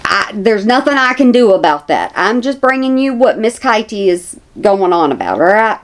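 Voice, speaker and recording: A woman's voice: mid-range voice, sing-song, moderate pace. A woman, chatting casually to her viewers as a commentary vlogger, repeating herself for emphasis.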